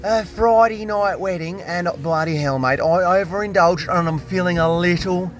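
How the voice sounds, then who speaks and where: A man with an Australian accent vlogging on a drain job, excitable and jokey, full of slang, and hungover. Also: sits high, normal speed. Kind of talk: casual on-the-job vlog. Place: restaurant on a job site, walking around.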